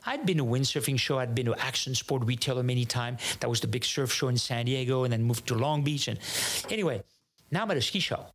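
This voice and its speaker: A man from France with a French accent, a native French speaker, telling a story as a podcast guest in a lively way that acts out both sides of each conversation and often restarts his sentences. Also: medium pitch, quick pace. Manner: animated, acts out dialogue, frequent restarts. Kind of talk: casual storytelling.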